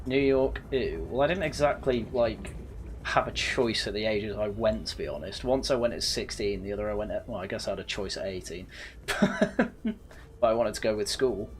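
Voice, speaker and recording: A man's voice: lowish voice, normal speed, slight background noise. A young man from England with a slightly posh northern English accent, chatting casually and telling rambling, self-correcting stories while playing a game. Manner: rambling anecdotes with frequent laughs and self-corrections. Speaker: gaming channel host. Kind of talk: casual let's-play chat.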